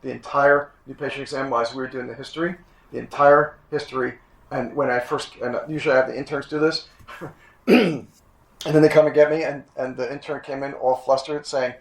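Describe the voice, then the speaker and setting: A man in his sixties, a chiropractic instructor giving a classroom lecture, emphatic, repeating his points and often clearing his throat. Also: medium pitch, steady tone, a little fast. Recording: echoey room.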